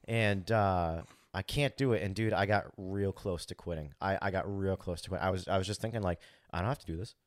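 Man, podcast co-host, casual storytelling, lowish voice, dry close sound, swears, acts out his thoughts. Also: fairly quick, no echo. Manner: animated, acts out his own inner thoughts, swears freely; frequent "like" fillers.

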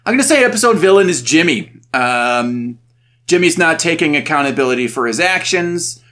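Animated, bright-voiced man co-hosting a podcast. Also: on the high side. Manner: animated, swearing, quick to laugh. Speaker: podcast co-host. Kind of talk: casual chat. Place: home recording setup.

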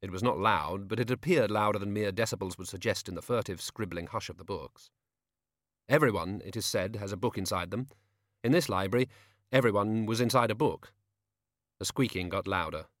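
A man narrating an audiobook in a wry, expressive storytelling manner, recorded in a studio. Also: lowish voice, fairly quick, no echo. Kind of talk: scripted narration.

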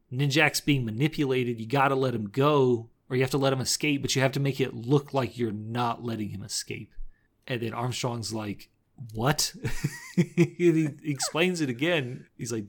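A man co-hosting a podcast, casually recapping a movie scene by scene, laughing often and briefly acting out the characters' lines. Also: mid-range voice. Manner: laughs often, recounts scenes with quick impressions. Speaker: podcast co-host.

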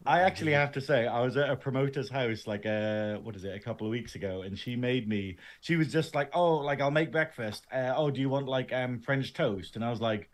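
A man co-hosting a casual podcast chat, telling animated stories, acting out quotes and laughing a lot. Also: medium pitch, brisk, hardly any pauses. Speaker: podcast co-host.

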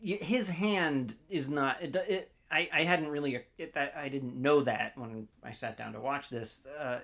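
A man's voice: mid-range voice, measured pace, gravelly, fairly bright tone. A man co-hosting a podcast, talking casually about a film and often restarting his sentences. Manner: hesitant, restarts, laughs along. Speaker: podcast co-host. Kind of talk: casual movie discussion.

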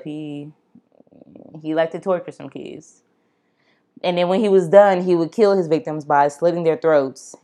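Low-voiced woman hosting a true-crime podcast. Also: mellow. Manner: chatty and blunt, with swearing and asides to listeners. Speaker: podcast host.

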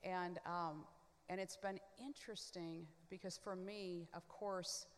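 A woman guest on a panel, giving an expressive personal testimony in a chatty way, full of quick asides and filler words. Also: lowish voice, big-room sound. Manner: expressive, swings from hushed to loud.

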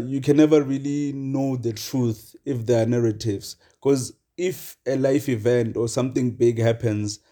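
A young man talks loosely into his podcast mic, looping back on himself with "uh" and "like" and chuckling between points. His voice is dark and mellow, and his pitch sits in an ordinary middle range. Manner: rambling, chuckling, many fillers. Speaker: podcast host. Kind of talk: casual solo podcast monologue.

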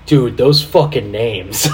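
A man hosting a casual podcast chat, animated, swearing freely and laughing while he directs the video playback. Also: mid-range voice, takes it slowly, background noise. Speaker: podcast host.

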